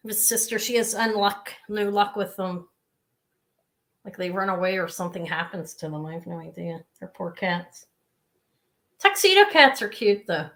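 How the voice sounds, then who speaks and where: A woman hosts a live jewelry sale stream, chatting casually and rambling into side stories and frequent asides as she shows each piece. Her voice is mid-range and a bit bright.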